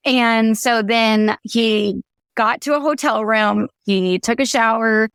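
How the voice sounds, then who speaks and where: Fairly high woman podcast host, animated storyteller, dry studio sound. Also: slow pace, clean tone, no echo. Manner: chatty and animated, tells stories with quoted voices. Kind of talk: casual podcast conversation.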